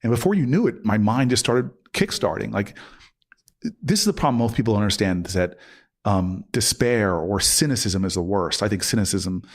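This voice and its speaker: A man in his forties tells a long personal story in a relaxed interview. His voice sits fairly low but swings up sharply whenever he acts out an argument between two people. His talk is lively and full of feeling. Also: normal speed. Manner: animated storyteller, acting out both sides of arguments. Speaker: podcast guest.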